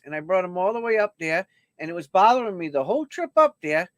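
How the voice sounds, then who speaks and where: Male livestream auction host, slightly high voice, chatty and jokey, dry close sound. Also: lively intonation, quick pace, a bit bright, no room sound. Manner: chatty and joking, talks straight to viewers. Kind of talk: casual livestream chat.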